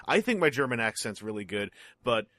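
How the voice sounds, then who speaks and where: Bright-voiced jokey male podcast guest. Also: medium pitch, big pitch swings, fairly quick, no room sound, studio quality. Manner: jokey, self-deprecating, rambling. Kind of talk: casual chat.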